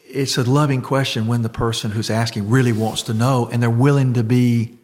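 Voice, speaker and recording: A man's voice: mid-range voice, steady tone, a little fast, darkish tone. A man in casual conversation about faith, telling a story with lots of restarts and fillers.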